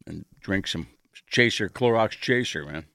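A man's voice: lowish voice, animated, a little slow, gravelly, pushed and bright, dry recording, clean studio sound. A man co-hosting a radio show, joking and sarcastic in casual banter, often talking over the others.

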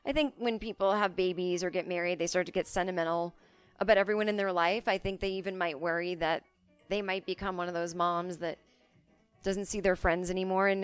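Podcast host, female, foul-mouthed ranter, smooth voice, dry close-mic sound. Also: mid-range voice, no echo. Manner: blunt, profane, self-deprecating rants. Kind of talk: solo comedic podcast monologue.

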